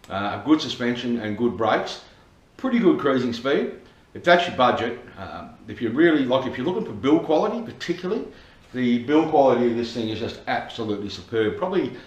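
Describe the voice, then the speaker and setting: A man's voice: mid-range voice, roomy sound, highs cut off. An Australian man giving a chatty, jokey product review at home, swearing casually and repeating a running gag. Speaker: scooter reviewer. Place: home dining room.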